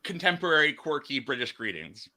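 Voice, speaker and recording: An American man hosting a casual chat, animated and quick to laugh. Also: mid-range voice. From United States. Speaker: podcast host.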